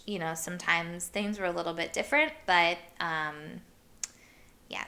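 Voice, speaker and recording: A woman's voice: lowish voice, bright, forceful tone. A young woman from Iowa hosting her own show, telling stories in a chatty way full of "like" and the odd swear word. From Iowa, USA. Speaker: podcast host. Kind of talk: casual storytelling monologue.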